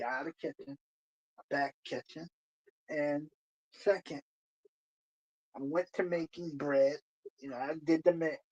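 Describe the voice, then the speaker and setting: A man's voice: a little high, darkish tone, muffled recording. Rambling man telling a long story. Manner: rambling, repeats phrases, many "you know"s. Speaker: streamer. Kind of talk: casual storytelling.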